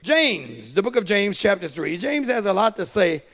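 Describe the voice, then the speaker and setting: High-voiced male preacher, very high pitch. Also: big pitch swings, normal speed, fairly bright tone. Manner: call-and-response preaching, repeats phrases for emphasis. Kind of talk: sermon.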